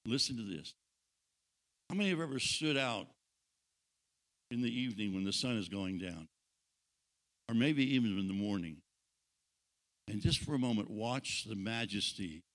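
A man preaching a sermon, dropping to hushed intimate tones and building up again, asking the congregation questions and joking with them. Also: fairly low pitch. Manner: dynamic pacing, drops to hushed intimate tones then builds.

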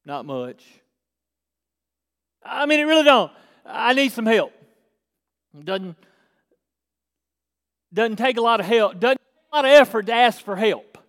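A man's voice: very high-pitched, unhurried, long pauses. A man preaching a sermon, asking rhetorical questions and acting out the lines of the people in his story. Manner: animated, acts out dialogue, rhetorical questions. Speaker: pastor. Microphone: filmed on camera. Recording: long hall reverb.

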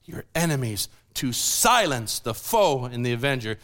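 A man's voice: medium pitch, measured pace. A man preaching a sermon, explaining scripture and putting questions to the congregation. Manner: animated, asks the audience questions.

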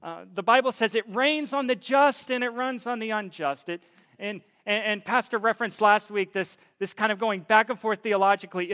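Young guy preaching, high voice, chatty with lots of stumbles, gets loud and forceful on the big points. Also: normal speed, smooth. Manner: conversational, repeats words, builds to forceful emphasis. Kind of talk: sermon.

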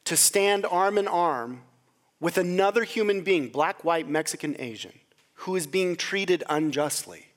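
A middle-aged man preaching from the pulpit. His voice sits a little high for a man. He tells a story, plays the voices of the people in it, then presses his point home with firm emphasis. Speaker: pastor. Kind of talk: sermon.

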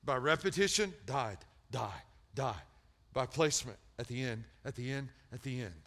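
A male pastor preaching a sermon, animated and storytelling, repeating words for emphasis and swinging from loud peaks to hushed lines. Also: medium pitch, normal speed.

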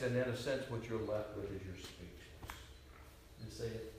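A man preaching a sermon, swinging between loud, ringing declarations and quiet, hushed asides. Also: fairly low pitch, normal speed, a little hiss or hum. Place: retreat meeting hall. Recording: echoey room, voice from far off.

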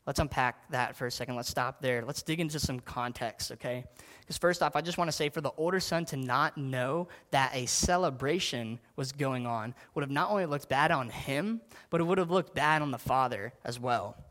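A man's voice: mid-range voice, normal speed, fairly bright tone. A man preaching casually, often saying "like" and asking his listeners direct questions. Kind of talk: sermon.

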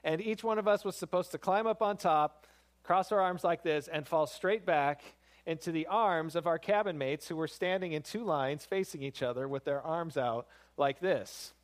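A man's voice: on the high side, moderate pace. Man preaching in a conversational tone. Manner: conversational, storytelling with rising emphasis. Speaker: pastor. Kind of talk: sermon.

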